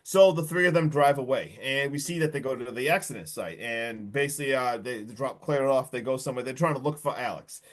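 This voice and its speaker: A man co-hosting a podcast, recapping a movie in an excitable, slangy way full of "dude" and "like". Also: medium pitch, fairly quick, few pauses. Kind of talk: casual podcast chat.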